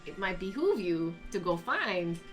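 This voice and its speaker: A woman voicing a hardened old male dragon god who gives blunt, gruff encouragement in a tabletop game. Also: on the low side, very animated, unhurried, faint music behind. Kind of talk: playing a character in a tabletop game.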